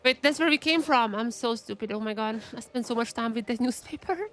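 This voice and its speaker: A woman's voice: fairly high pitch, fairly quick, a bit bright, soft background music. A young woman streaming a game, chatting casually and thinking aloud as she reads the game's text. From Eastern Europe. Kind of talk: casual gameplay commentary.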